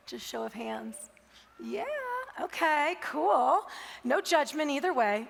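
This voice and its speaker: A woman giving a motivational keynote talk on a conference stage, telling an animated story and asking the audience questions. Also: sits high, slow, vocal fry, a little hiss or hum. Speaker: keynote speaker. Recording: reverberant hall.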